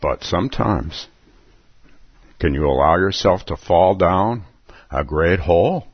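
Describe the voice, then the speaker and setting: A man's voice: low-pitched, animated, slow, slightly rough, no room sound, dull audio. A man giving a reflective Zen dharma talk, musing aloud and chuckling between thoughts. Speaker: Zen teacher.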